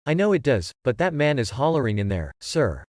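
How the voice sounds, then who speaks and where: A man's voice: medium pitch, very animated, brisk, darkish tone, no room sound, clean studio sound, natural voice. A man reading the lines of an anxious male test subject who hesitates and pleads in a plain, folksy way. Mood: uneasy, pleading.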